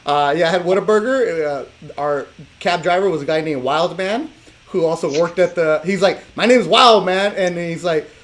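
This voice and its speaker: A man from Los Angeles hosting a casual interview podcast, joking in slang and telling animated stories. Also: on the high side, moderate pace. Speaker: podcast host.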